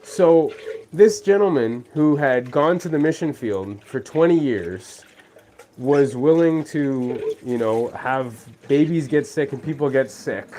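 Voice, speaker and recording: A man's voice: medium pitch, slow pace, mellow, slight background noise. A man hosting a casual faith vlog, retelling a story in a rambling way and acting out the people he quotes. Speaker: vlog host. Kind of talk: casual faith talk while doing dishes. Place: home kitchen at the sink.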